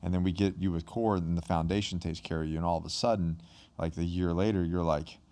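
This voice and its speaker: A man in his forties with a somewhat low voice hosts a casual chat. He talks with enthusiasm, full of likes and you-knows. He gets fired up as he makes his points. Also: steady tone, quick pace, warm tone. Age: 40s. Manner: enthusiastic, filler-heavy, many likes. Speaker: podcast host. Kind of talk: casual conversation.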